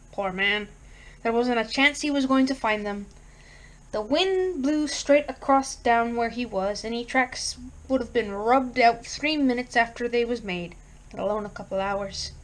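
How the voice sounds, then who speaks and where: A woman reading a horror short story aloud, narrating steadily and expressively. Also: a little high. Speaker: reader.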